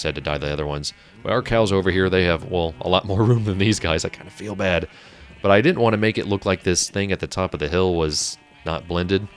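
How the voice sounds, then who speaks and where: A man casually commenting on his own gameplay as a let's play host, rambling and chatty, often breaking off mid-sentence. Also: sits low. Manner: rambling, chatty, self-interrupting.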